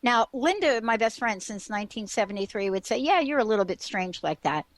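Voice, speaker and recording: A woman's voice: on the high side, animated, fairly quick, no echo. A woman hosting a radio talk show, chatting eagerly and rambling with many fillers and restarts. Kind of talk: casual radio chat.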